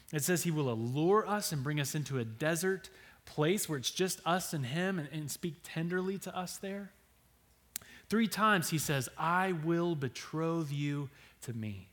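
A man preaching a sermon. His delivery swings between hushed, near-whispered lines and loud, emphatic readings of scripture. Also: a little high.

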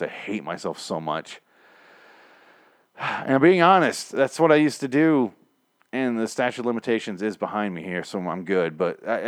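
A man's voice: deep voice, no room sound, clean studio sound. Profane rambling man recapping. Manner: rambling, profane, self-mocking. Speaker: solo podcaster. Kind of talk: casual TV episode recap.

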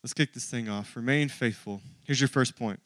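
A man's voice: medium pitch, normal speed, no room sound. Man in his thirties preaching. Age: 30s. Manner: conversational, joking with the congregation. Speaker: pastor. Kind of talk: sermon. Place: church.

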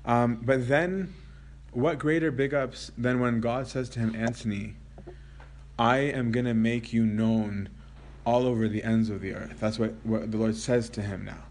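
A man's voice: mid-range voice, fairly even intonation, measured pace, darkish tone, slight background noise. Man giving a Christian lecture. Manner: reads passages aloud, then explains with frequent "right?". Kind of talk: Christian lecture, reading and commenting.

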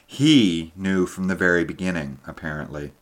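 A man narrating a story in a measured storytelling manner. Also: deep voice, fairly bright tone. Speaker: audiobook narrator. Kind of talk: scripted narration.

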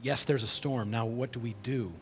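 A man's voice: medium pitch, steady tone, normal speed, soft background music. Guy preaching casually, keeps asking right?, big echoey hall. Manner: conversational, frequent "right?" asides. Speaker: pastor. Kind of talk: sermon. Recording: long hall reverb.

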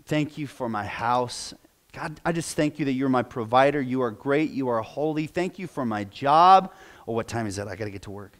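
A man's voice: mid-range voice, lively intonation, moderate pace, voice pushed down, lightly acted. A pastor acting out a distracted man whose prayer drifts into mumbled grumbles. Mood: distracted mumbling. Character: distracted adult man praying, mind wandering. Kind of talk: sermon illustration.

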